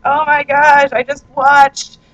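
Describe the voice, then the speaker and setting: A woman's voice: sits high, level tone, takes it slowly, a bit bright, muffled recording, pitched above the performer's own voice. A woman putting on a weepy, wailing male pop singer who sounds like he is crying. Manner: whiny, tearful wailing.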